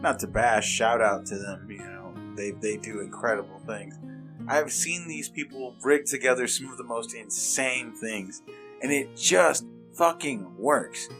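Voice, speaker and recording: A man's voice: medium pitch, measured pace, music in the background. A man co-hosting a podcast in casual chat, joking, laughing often and trailing off mid-thought. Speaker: podcast co-host.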